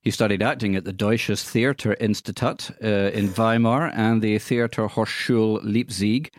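Low-voiced man stumbling through names. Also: steady tone, no echo, studio quality. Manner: halting reading with many fillers, stumbling over foreign names. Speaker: radio film-news co-host. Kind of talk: casual radio chat. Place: radio studio.

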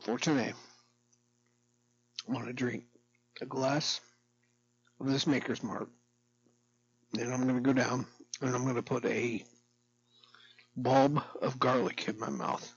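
A man's voice: medium pitch, fairly even intonation, slow pace, long pauses, slightly rough, highs cut off. A middle-aged man vlogging in a rambling, profane, darkly joking monologue to camera.

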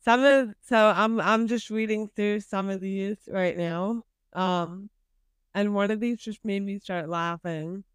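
A woman co-hosting a podcast in casual chat, frank and quick to laugh. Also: mid-range voice, clean tone, no echo. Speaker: podcast co-host. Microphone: remote call recording.

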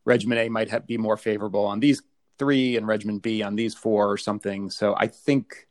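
Fast-talking man with a low voice. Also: flat delivery. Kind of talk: expert panel discussion.

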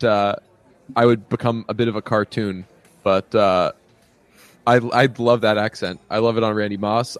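This medium-pitched man co-hosts a podcast and keeps the chat loose and rambling, full of filler words and laughs. The audio has no echo.

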